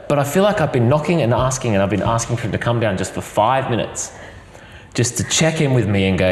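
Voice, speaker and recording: A man's voice: mid-range voice, quick pace. Earnest Australian man in an echoing room. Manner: earnest, expressive, piling up repeated phrases. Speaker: interview guest. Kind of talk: heartfelt personal interview. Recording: roomy hall reverb.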